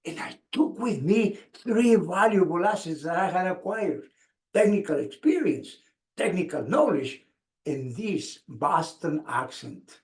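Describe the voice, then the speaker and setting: Older guy telling his life story, slow and dramatic, lively pitch, echoey room. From Mexico. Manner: dramatic, expressive, with pauses. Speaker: speaker. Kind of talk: motivational storytelling speech.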